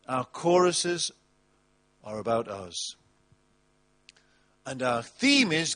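A man preaching a sermon, animated and mocking, with big swings between loud and soft. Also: mid-range voice, drawn-out words, pauses often. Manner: animated, mocking with put-on voices, wide swings in loudness. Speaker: pastor.

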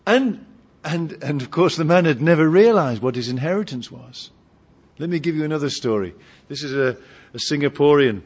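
A man delivering a sermon in a fairly high voice, pushing hard on key words and then falling into soft, low asides. The recording is dull and lo-fi. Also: lively intonation, normal speed, breathy edge. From Britain. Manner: emphatic, swings between loud ringing emphasis and low asides. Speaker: preacher.

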